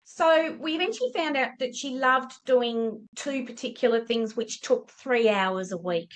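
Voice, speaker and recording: In a low-quality recording, a middle-aged woman guesting on an interview tells an animated story, imitating the people she quotes. She's a tutor and education business owner, and her slightly high voice keeps a measured pace.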